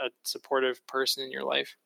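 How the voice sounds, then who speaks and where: A man improvising a hesitant, deadpan character who stumbles over his words in a comedic role-play. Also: medium pitch, fairly quick, creaky, no echo, poor audio. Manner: deadpan, hesitant, with repeated flat refusals.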